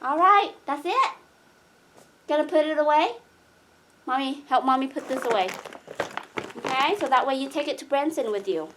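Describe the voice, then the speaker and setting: Mom playing with her toddler, high and bouncy, talks real slow and sing-songy. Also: animated, a bit bright, slight background noise. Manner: slow, sing-song, coaxing, teacherly. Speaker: mother.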